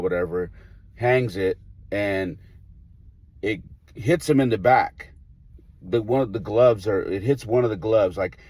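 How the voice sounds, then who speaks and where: A man, a baseball coach, telling a story in a casual podcast chat, animated and acting out the people in it. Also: lowish voice. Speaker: high school baseball coach.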